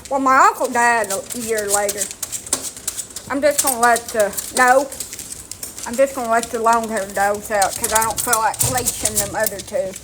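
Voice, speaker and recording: In a noisy outdoor setting on rural property with dogs, a woman vlogs a story on her phone at normal speed. Her fairly high voice holds steady, and her talk is casual, blunt, salty and self-mocking.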